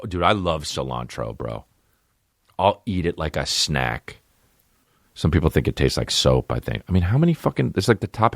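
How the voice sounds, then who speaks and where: A man in his thirties hosting a comedy podcast, ranting loudly and crudely, often jumping up into a high mocking voice. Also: creaky, dry recording, clean studio sound. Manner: loud, profane, animated, jumps into high mocking pitch. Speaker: podcast host.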